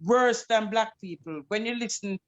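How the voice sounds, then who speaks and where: A woman's voice: medium pitch, normal speed, lo-fi sound. A woman from the United Kingdom hosting a casual podcast chat, talking in a rambling, chatty way. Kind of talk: casual group discussion.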